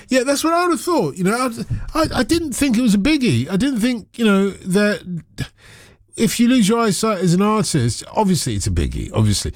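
Radio phone-in host, chatty and teasing, slightly high voice, dead dry studio sound. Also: male voice, very animated, brisk, dry recording. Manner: chatty, teasing, repeats himself. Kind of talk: casual radio chat.

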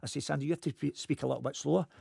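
A man's voice: on the high side, racing, creaky, breathy edge, no echo, studio quality. A man with a Glasgow accent, a football coach telling a funny story in a casual chat. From Scotland. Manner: lively anecdotal storyteller.

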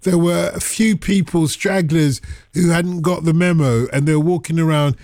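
A man hosting a radio phone-in, chatty and quick to chime in with questions and encouragement. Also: fairly high pitch, steady tone, darkish tone, dry recording, clean studio sound. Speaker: radio host.

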